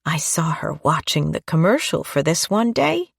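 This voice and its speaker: A woman's voice: low-pitched, big pitch swings, moderate pace, gravelly, breathy edge, no echo, studio quality, heavily acted. A woman voicing a doting grandmother in an audiobook, speaking in a sing-song way.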